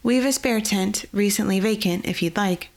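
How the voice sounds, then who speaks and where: A woman voicing a nervous male camp guard with a soft, scratchy voice, hesitant and apologetic. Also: medium pitch, normal speed, close to an everyday voice. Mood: timid.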